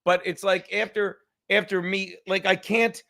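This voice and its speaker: Loud, profane man hosting a podcast. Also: high voice, flat delivery, measured pace, creaky. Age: 50s. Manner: loud, profane, heated storytelling. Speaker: podcast host. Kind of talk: casual chat.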